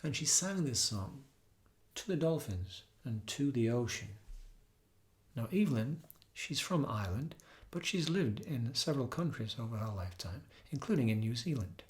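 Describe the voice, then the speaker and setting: A man speaks in an earnest, unhurried way, sharing reflections and stories like a yoga teacher addressing students. His voice sits at an ordinary, middle pitch. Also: sing-song. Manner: earnest, storytelling, breaks into soft singing. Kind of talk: reflective spoken talk.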